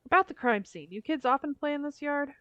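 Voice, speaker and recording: A woman's voice: high-pitched, expressive, quick pace, a bit bright, muffled recording. A woman streamer reading game dialogue aloud in a dry, wry way.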